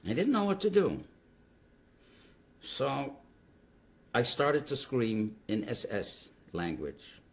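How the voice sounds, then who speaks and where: An older man telling his story in an interview, animated and halting, with restarts mid-sentence. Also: medium pitch, gravelly. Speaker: Holocaust survivor giving testimony. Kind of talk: interview testimony.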